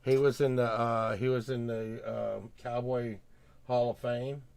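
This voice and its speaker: An older man, rambling in casual chat as a podcast host, grumbling and getting loud when he rants. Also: medium pitch, level tone, unhurried, vocal fry, clear, resonant tone, no echo.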